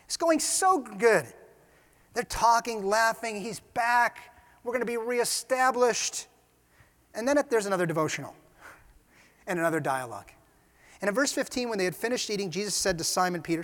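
A man preaching a sermon, retelling scenes with animated storytelling and casual asides. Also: high voice, moderate pace, long pauses. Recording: reverberant hall.

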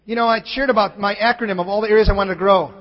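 Male pastor, very high voice, sermon delivery moving from loud scripture to soft confession. Dull, muffled recording. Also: fairly even intonation, rapid-fire. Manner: swings from shouted scripture to quiet personal confession. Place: church sanctuary. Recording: muffled sound in a large reverberant hall.

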